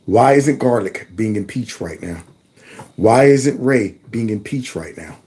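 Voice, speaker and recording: A man's voice: fairly low pitch, expressive, a little slow, a little mellow. A man hosting his own commentary channel, reacting indignantly to news clips with a string of rhetorical questions and folksy asides.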